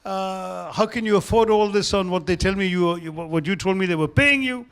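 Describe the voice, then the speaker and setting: A man's voice: high-pitched, moderate pace, fairly bright tone, clean tone. A man in his sixties voicing a smug male Chinese official in a told anecdote, speaking in terse, boastful lines. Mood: puzzled.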